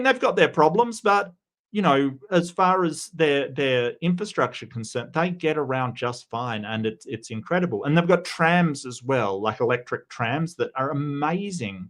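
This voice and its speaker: An Australian man talks casually on a livestream in a mid-pitched voice. He rambles loosely, restarts his sentences often and greets viewers by name between comments. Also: a bit bright. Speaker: livestream host.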